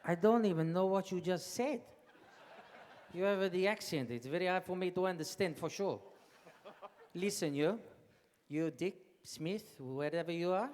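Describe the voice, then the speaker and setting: A man acts out an excitable Italian waiter who bosses everyone and throws in Italian words, in a put-on accent. His voice sits a little high. A long hall reverb and faint noise surround him. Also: moderate pace, natural voice. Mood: teasing. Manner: bossy, teasing, sprinkled with Italian words. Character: bossy, excitable Italian waiter named Alfredo. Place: large banquet hall.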